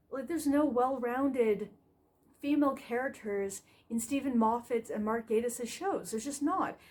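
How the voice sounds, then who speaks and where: A woman giving a casual, scattered video review, frustrated and animated, with lots of fillers and restarts. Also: fairly high pitch.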